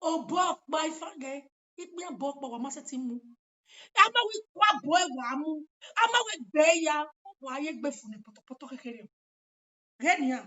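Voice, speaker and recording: A woman with a Nigerian accent speaks high in her register and hammers her points home with repetition. Her casual monologue is animated and insistent. The recording sounds muffled and lo-fi. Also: quick pace. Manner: animated, emphatic ranting with repeated phrases. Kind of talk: casual monologue mixing Pidgin and local languages. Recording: dull lo-fi recording.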